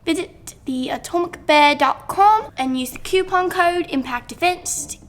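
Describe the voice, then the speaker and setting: A woman's voice: very high-pitched, unhurried, noisy background. A woman reading an ad in a put-on mock British accent, giggling and hamming it up as a podcast co-host. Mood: hammy. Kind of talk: playful ad read.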